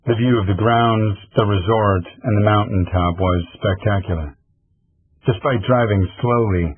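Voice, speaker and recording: Male audiobook narrator, low and husky, measured and reflective, in a dry room. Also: dry recording. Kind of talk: scripted first-person narration. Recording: tinny phone-like dry audio.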